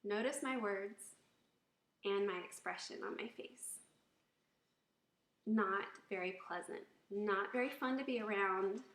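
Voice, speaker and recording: A woman's voice: mid-range voice, takes it slowly, long pauses, a bit bright. Woman advising wives on tone; demos each phrase; roomy echo. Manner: demonstrates tones by acting out examples. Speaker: marriage advice speaker. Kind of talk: instructional talk to wives.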